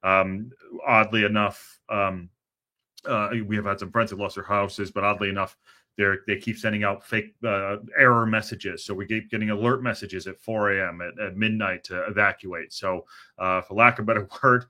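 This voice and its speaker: A man's voice: lowish voice, fairly even intonation, moderate pace, sharp tone. A man hosting a casual football news livestream, tired and hesitant, with many fillers as he reads out chat messages. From Southern California. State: tired, low energy.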